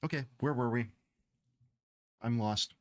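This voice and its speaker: A man's voice: mid-range voice, measured pace, no room sound, clean studio sound. A man streaming his game development, chatting casually in a rambling, profane, exasperated way. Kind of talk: casual livestream chat.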